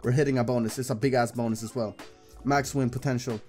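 A young man giving casual, excitable commentary while gambling, swearing and talking to the game. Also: mid-range voice, fast, faint music behind. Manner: excitable, swearing, talks to the screen. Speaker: gambling streamer. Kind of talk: casual live slot commentary.

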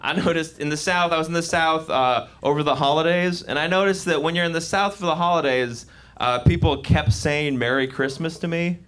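A young man performing a live stand-up comedy set on a club stage, animated and slipping into voices for his bits. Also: on the high side, a little fast, few pauses. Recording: live club recording with audience noise. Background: audience laughter.

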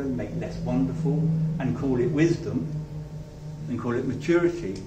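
Male pastor, halting reflective sermon, distant echoey church recording with faint noise. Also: medium pitch. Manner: reflective, halting, with many restarts. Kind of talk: sermon with closing prayer. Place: church hall.

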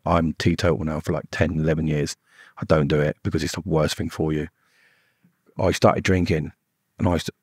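Podcast guest: middle-aged man, low and husky, rapid rambling delivery, dry close sound. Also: darkish tone, no room sound. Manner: blunt, swearing, rambling with many "like"s. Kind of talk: casual storytelling.

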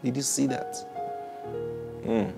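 A man delivers a sermon in a mid-pitched, gravelly voice. He is emphatic and builds to loud, high peaks, laughing easily between points. Faint music plays behind him. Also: slow. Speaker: preacher.

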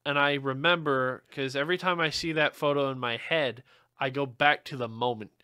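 A man's voice: mid-range voice, fairly even intonation, moderate pace, sharp tone, clear, resonant tone, no echo, clean studio sound. A man co-hosting a casual podcast, joking around with crude banter and lots of swearing. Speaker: podcast co-host. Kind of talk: casual chat.

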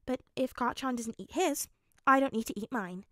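Woman reading a soft patient young guy, coaxing, dry close sound. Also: high-pitched, moderate pace, dry recording, voice pushed up. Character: gentle patient young man, caretaker. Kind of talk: fanfic audiobook reading.

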